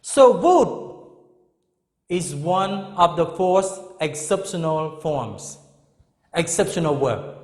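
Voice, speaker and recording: In a reverberant, echoey classroom, a high-voiced man teaches English grammar with plenty of energy. He says his example sentences slowly more than once and keeps asking "Okay?" or "Understand?"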